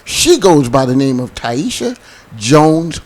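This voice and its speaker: High, lively male talk show host. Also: takes it slowly, a crowd in the background. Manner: joking, playful banter. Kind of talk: lively panel show hosting.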